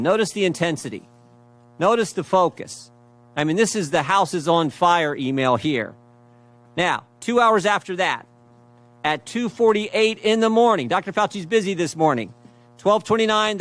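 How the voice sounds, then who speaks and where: A middle-aged man makes his case at a hearing in an emphatic, driving voice. His voice sits somewhat high for a man, and he reads out emails and repeats phrases for weight. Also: a bit bright. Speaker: congressman questioning at a hearing. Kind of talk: speech at a hearing.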